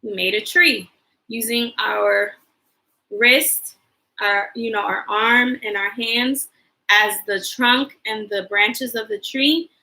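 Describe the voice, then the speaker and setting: A woman teacher leading a livestreamed lesson for young children, encouraging them and spelling out words slowly for them to repeat. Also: on the high side, fairly even intonation, sharp tone, low-quality recording.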